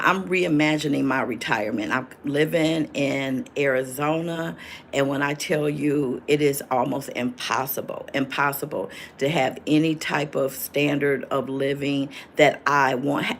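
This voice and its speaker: A woman's voice: extremely low pitch, steady tone, measured pace, slight background noise. An older woman in her sixties, chatting casually on a livestream as host, reading viewers' comments aloud and answering them.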